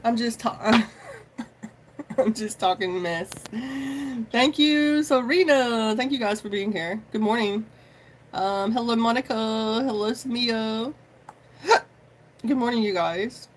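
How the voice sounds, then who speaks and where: A live-stream tarot host in loose, casual chat. The talk rambles, swears freely and keeps calling out to viewers with y'all. The pitch sits in the middle. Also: slow pace, long pauses. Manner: chatty and informal, says y'all often.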